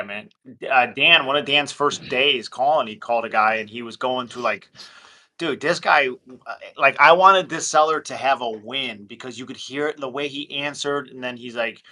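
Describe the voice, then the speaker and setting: A man with a bright, forceful voice talking shop on a casual group call. He is animated and slips into quick impressions of callers as he talks. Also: medium pitch. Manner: animated, acts out phone calls in quick voices. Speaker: real estate investor.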